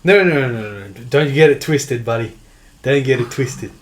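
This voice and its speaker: A man's voice: mid-range voice, expressive, normal speed. An Australian man co-hosting a podcast, joking and arguing in casual chat and laughing often. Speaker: podcast co-host.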